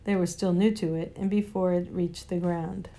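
A woman narrating a children's storybook with an even, steady reading. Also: lowish voice, normal speed. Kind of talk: storybook read aloud.

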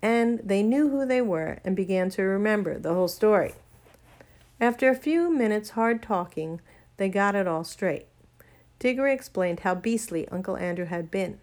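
Woman gently reading a storybook. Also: medium pitch, expressive, normal speed. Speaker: narrator.

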